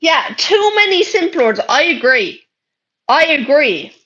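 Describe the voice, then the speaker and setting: A woman's voice: high voice, sing-song, slow pace, pushed and bright. Brash sweary Irish woman streamer. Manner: brash and sweary, reacting to chat. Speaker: live streamer. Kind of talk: casual live-stream chat reading comments. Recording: dull lo-fi stream audio.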